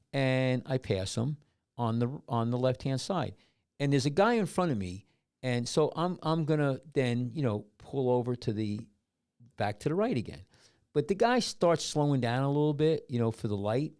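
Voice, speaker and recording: A man's voice: medium pitch, vocal fry, a little mellow. A middle-aged man hosting a podcast, telling a long story in casual chat with many restarts and asides. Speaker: podcast host.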